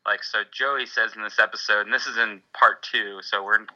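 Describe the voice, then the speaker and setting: A man's voice: fairly low pitch, steady tone, moderate pace, sharp tone, muffled recording. A man co-hosting a podcast, chatting casually about a TV show with lots of restarts and blunt swearing. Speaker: podcast co-host. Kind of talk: casual chat recapping a TV show.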